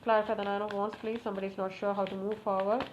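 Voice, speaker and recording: A woman's voice: medium pitch, quick pace. Woman tarot reader talking to her cards. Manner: talks to the cards, repeating requests and exclaiming excitedly. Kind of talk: casual tarot reading to camera. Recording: slightly muffled, faint background noise.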